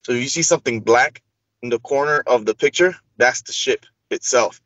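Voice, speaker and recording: Fairly quick and casual, a male interview guest with a mid-range voice relates a long personal story, animatedly performing the quoted dialogue. The recording is dry and sounds dull.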